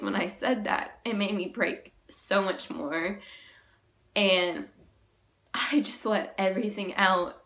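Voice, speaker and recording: A woman's voice: medium pitch, steady tone, takes it slowly, vocal fry, fairly bright tone. A teenage girl candidly recounting a painful personal experience to her viewers, slangy and emotional. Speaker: vlogger. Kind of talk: personal storytime.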